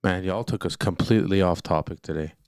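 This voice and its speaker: A man's voice: low-pitched, a little fast, darkish tone, clear, resonant tone, no echo, studio quality. A man co-hosting a discussion show, talking casually and joking with his partner. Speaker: co-host. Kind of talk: livestream discussion.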